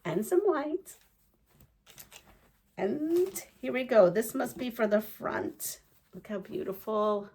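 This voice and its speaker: A woman's voice: fairly high pitch, slow pace, pauses often, breathy edge. Gushing, giggly woman vlogger. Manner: gushing and excitable, gasps and giggles; rambling, many fillers. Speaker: quilting vlogger. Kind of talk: casual unboxing chat.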